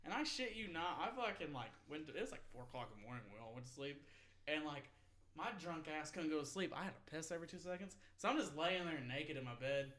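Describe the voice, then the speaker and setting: A man's voice: a little high, expressive, fast talker, a bit bright. Profane, rambling young man storyteller. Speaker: podcast host. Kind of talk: casual storytelling chat.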